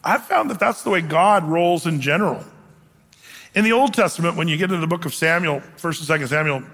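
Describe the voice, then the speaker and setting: A man's voice: a little high, fairly quick, fairly bright tone, in a large hall. A male pastor preaching a sermon, explaining scripture in a casual, conversational way with everyday asides.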